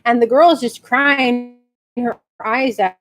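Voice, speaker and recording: A woman from San Antonio, Texas, chatting casually in a rambling way and acting out quotes in high squeals. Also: steady tone, unhurried, a bit bright. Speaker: vlogger. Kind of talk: casual storytelling rant.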